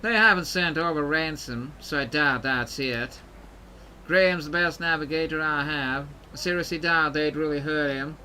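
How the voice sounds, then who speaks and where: A man's voice: fairly high pitch, normal speed, sharp tone, slight background noise. A man voicing a confident woman pirate captain with a put-on Southern belle accent, reading game dialogue aloud with determination. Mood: determined.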